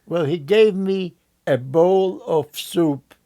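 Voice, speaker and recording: An older man recounting memories in an interview, telling his story in a slow, halting way with frequent restarts. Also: high voice, dark tone.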